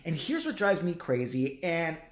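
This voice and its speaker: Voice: mid-range voice, very animated, moderate pace. A middle-aged vlogger in a profane, sarcastic, rambling rant. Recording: roomy echo.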